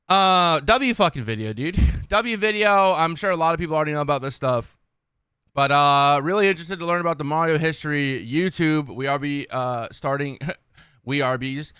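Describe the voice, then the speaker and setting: A young man streaming, reacting casually to videos in a slangy, excitable, swearing way. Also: a little high, moderate pace, clear, resonant tone, no room sound, studio quality.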